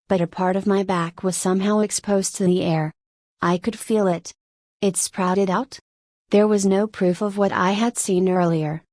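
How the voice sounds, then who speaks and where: A woman narrating a first-person light novel audiobook in a steady, measured reading. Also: mid-range voice, dry recording.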